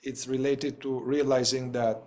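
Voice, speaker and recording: A man's voice: mid-range voice, level tone, a little slow, mellow. Playful man leading an online group. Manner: playful, laughs often, trails off and restarts. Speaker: group facilitator. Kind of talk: casual group dialogue. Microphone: video call.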